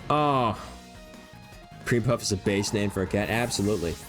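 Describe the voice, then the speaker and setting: A man's voice: on the low side, expressive, normal speed, over music. A young man streaming a video game, rambling and joking in a casual running commentary and laughing easily.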